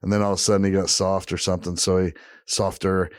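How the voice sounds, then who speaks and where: A low-voiced man telling a wild story on a podcast. He swears freely and jumps into the voices of the people in the story, recorded close and dry with no room sound. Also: fast talker, clear, resonant tone, dry recording. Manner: animated storyteller, acts out quoted voices; profane, laid-back. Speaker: podcast co-host. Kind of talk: casual storytelling chat.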